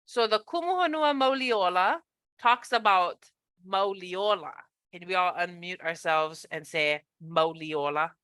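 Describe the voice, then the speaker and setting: A woman's voice: fairly low pitch, measured pace, fairly bright tone, no room sound. A woman from Hawaii, a cultural practitioner, giving a chatty, upbeat online presentation on a video call, with many fillers and restarts.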